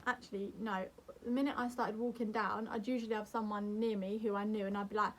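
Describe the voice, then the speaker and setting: A young woman vlogger giving calm, earnest advice to camera in a gentle, soothing way. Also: mid-range voice, brisk. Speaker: mental health vlogger.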